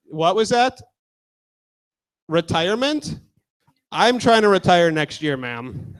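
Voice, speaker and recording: Crude young stand-up comic, high voice. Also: male voice, sing-song, slow pace, long pauses, clear, resonant tone. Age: 20s. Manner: casual, crude, talks with the crowd. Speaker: stand-up comedian. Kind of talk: stand-up set.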